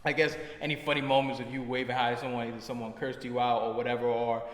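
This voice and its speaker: Laughing podcast host in an echoey room. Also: male voice, mid-range voice, quick pace. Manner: laughs often, animated storyteller, swears freely. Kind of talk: casual interview chat. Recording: echoey room with long reverb.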